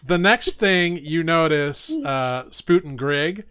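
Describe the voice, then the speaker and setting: A man's voice: a little high, expressive, slow, fairly bright tone, clean tone. A man narrating as game master of a tabletop game, descriptive with many fillers.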